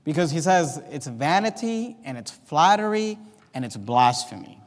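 A man preaching a sermon, swinging between loud, impassioned emphasis and quieter asides. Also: fairly high pitch, sing-song, moderate pace. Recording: long reverb of a large hall.

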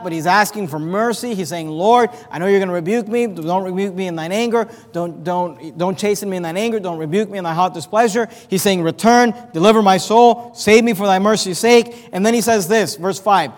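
A man with a high voice preaches a sermon, quoting scripture aloud and pressing his points with rising, pleading emphasis. His voice carries a long reverb from the hall. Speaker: pastor.

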